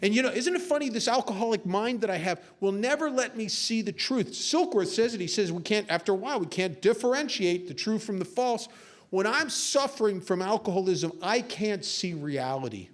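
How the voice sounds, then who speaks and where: A man's voice: high voice, lively intonation, a little fast. A man giving a personal testimony talk at a recovery meeting, earnest and confessional, telling stories with self-mocking humor.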